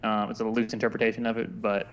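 A man's voice: fairly low pitch, level tone, quick pace, lo-fi sound, a little hiss or hum. A man co-hosting a podcast, chatting casually and often restarting his sentences. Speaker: podcast co-host.

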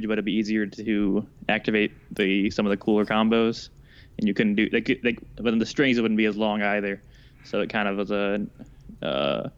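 A man co-hosts a casual gaming podcast in a smooth, resonant voice, at a middle pitch. He talks chattily, restarting his sentences often. The mic sounds slightly dull and lo-fi. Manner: chatty, halting with fillers and restarts. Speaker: podcast co-host. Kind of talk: casual chat.

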